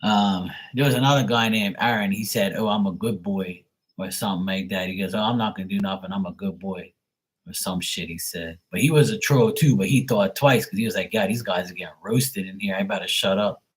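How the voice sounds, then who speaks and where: A man with a low, husky voice tells stories from his stream in loose, rambling chat. He swears freely and mocks the trolls, often breaking into laughter. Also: fairly quick. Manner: profane, mocking, laughs often. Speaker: livestream host.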